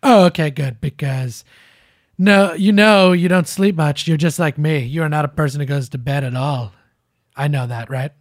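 A man reading the lines of a boastful male head of state on a late-night phone call, in a flattering, rambling way, as a comic read-through of a transcript. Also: fairly high pitch, moderate pace, dry recording, studio quality.

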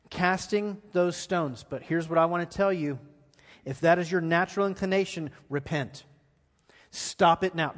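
A man with a high voice preaches a sermon, pressing his points with repeated lines and then sinking to a near hush. His words ring out with the long reverb of a large church sanctuary. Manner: emphatic preaching, repeats phrases, drops to a hush. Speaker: pastor.

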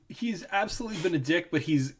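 A man's voice: a little high, animated, normal speed, slight background noise. A man co-hosting a podcast in casual chat, chiming in with short, dry remarks. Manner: brief dry interjections. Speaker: podcast co-host.

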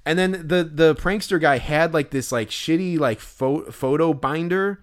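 A man's voice: fairly high pitch, moderate pace, smooth. Rambling man telling a story. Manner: rambling, many fillers and restarts, acts out quotes loudly. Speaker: podcast co-host. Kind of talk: casual storytelling chat.

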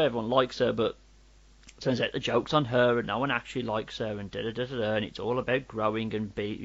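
A man with a Black Country accent, co-hosting a podcast and giving a rambling, wry film review. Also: medium pitch. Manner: rambling, wry, many restarts. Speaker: podcast co-host. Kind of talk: casual film review chat. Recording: dull lo-fi recording.

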